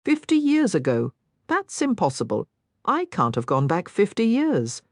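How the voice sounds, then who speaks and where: A woman's voice: mid-range voice, wildly swooping pitch, a little slow, no echo, voice pushed up, heavily acted. A woman voicing a bewildered young woman whose voice wavers and catches, breathless and close to tears. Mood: stunned.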